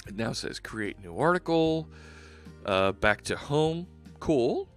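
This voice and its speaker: A man's voice: mid-range voice, very animated, takes it slowly, faint music behind. A man hosting a live coding stream, chatting casually and upbeat, rambling and restarting his sentences. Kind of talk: casual livestream chat while coding.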